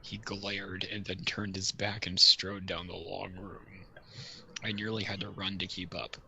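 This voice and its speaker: A man's voice: deep voice, flat delivery, a little slow, creaky, sharp tone, highs cut off. A man reading a book aloud with friends in a casual group session, reading chat comments and adding dry jokes. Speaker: reader and host. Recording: faint background noise.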